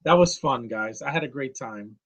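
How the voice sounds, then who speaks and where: A man in his thirties, near tears, giving an earnest and halting live commentary as host of his own stream. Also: mid-range voice, lively intonation, background noise. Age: 30s.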